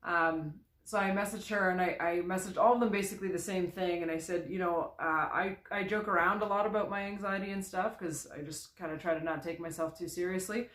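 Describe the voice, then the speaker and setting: A vlogger telling a personal story candidly, in a halting way with frequent restarts. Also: medium pitch, fairly even intonation, a bit bright. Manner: halting, with many restarts and "you know". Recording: echoey room.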